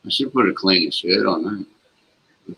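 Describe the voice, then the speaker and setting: A man's voice: sits low, normal speed, sharp tone, husky, low-quality recording. A man with an Australian accent bantering playfully as a guest on a stream. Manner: playful, self-mocking banter. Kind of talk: casual chat.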